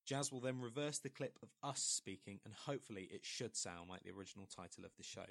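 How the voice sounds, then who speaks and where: A man's voice: lowish voice, fast talker, vocal fry, fairly bright tone, dry recording. A man co-hosting a casual podcast game, explaining rules and teasing playfully. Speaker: podcast co-host. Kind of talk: casual game show chat.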